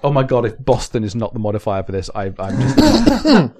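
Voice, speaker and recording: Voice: medium pitch, huge pitch swings, moderate pace, darkish tone. A player chatting casually during a party game, often flustered and laughing. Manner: giggly, flustered.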